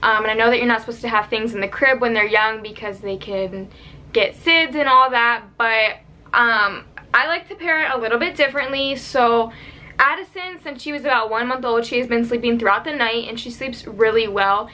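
A woman's voice: fairly high pitch, fairly quick, sharp tone, a little hiss or hum. A young woman vlogger chatting casually to camera with mom advice, rambling with lots of "like" and "um". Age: young adult. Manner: chatty, rambling, many "like" and "um" fillers.

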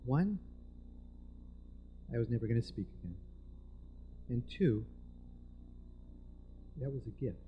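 A man telling a personal story in a live storytelling performance, moving between hushed and emphatic delivery. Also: mid-range voice, sing-song, takes it slowly, pauses often, highs cut off, slight background noise. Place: live event venue with audience.

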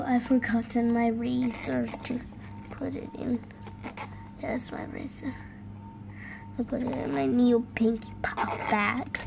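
A woman's voice: a little high, vocal fry. A woman narrating a pretend-school play session, switching between a teacher and her pupils. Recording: noisy home recording.

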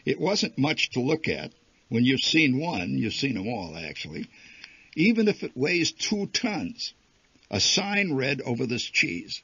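Wry male storyteller, husky voice. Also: mid-range voice, big pitch swings, measured pace, sharp tone, no room sound. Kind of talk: reading a humorous short story aloud. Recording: dull lo-fi archival recording.

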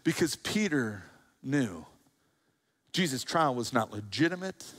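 A man preaching a sermon, telling a story and acting out the quoted lines with a joking, lively delivery. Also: medium pitch, measured pace. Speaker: pastor.

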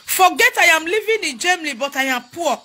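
A woman's voice: very high voice, lively intonation, fairly quick. A young woman with a Nigerian accent, crying as she makes a repetitive, emotional plea for help as a mother. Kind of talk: tearful public appeal. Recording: loud music behind voice. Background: music.

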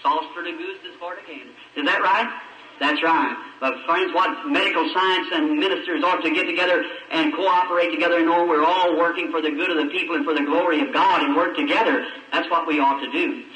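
Man preaching, dramatic storyteller, sharp tone, distant echoey old recording. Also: on the high side, fairly even intonation, brisk. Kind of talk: sermon.

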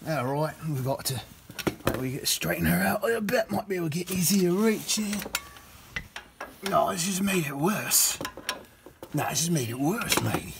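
A man's voice: on the high side, expressive, normal speed, gravelly, long pauses, background noise, voice pushed up. A man putting on a mock Australian bloke. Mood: jokey. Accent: put-on Australian. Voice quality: exaggerated, calls everyone matey. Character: jokey mock Australian bloke working under a truck.

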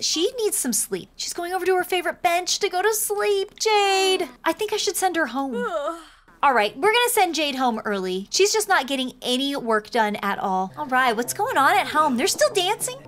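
A woman gives chatty, excitable commentary over her life-sim gameplay. Her voice sits very high and swings up and down with lively energy. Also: noisy background. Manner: excitable, chatty, gasps often. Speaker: gameplay narrator. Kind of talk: casual game commentary.

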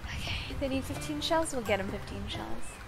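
A woman's voice: a little high, lively intonation, normal speed, gravelly. A woman streamer giving playful, giggly, chatty commentary while she plays a game. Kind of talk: casual gameplay commentary. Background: game music.

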